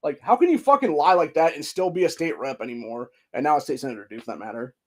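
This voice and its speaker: A man's voice: on the high side, lively intonation, quick pace. A man hosting a political show, ranting heatedly and swearing constantly about local politicians. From Ohio. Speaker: podcast host. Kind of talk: angry political rant. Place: studio.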